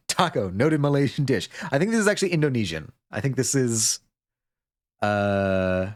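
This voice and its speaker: A man's voice: mid-range voice, expressive, measured pace, long pauses. A man streaming a video game live, chatting casually, joking, laughing, and reading viewer messages aloud.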